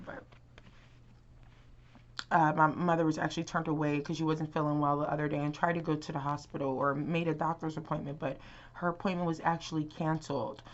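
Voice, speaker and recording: Young woman, tarot vlogger, deep register, loose filler-heavy delivery, muffled home audio. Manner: rambling, many fillers and restarts. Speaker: tarot reader. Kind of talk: casual tarot reading to camera.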